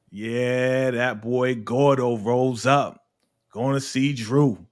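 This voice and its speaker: Man host, casual recap chat, lively and laugh-prone, mid-pitched voice that jumps high and drops low. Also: moderate pace. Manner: animated, laughing often, swinging between high and low voice. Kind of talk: casual episode review chat.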